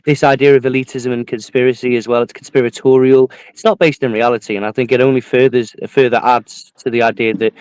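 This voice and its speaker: A man's voice: mid-range voice, little pitch movement, fast, few pauses, darkish tone, smooth, dry recording, poor audio. A man in an online debate who argues articulately, often restarting his phrases.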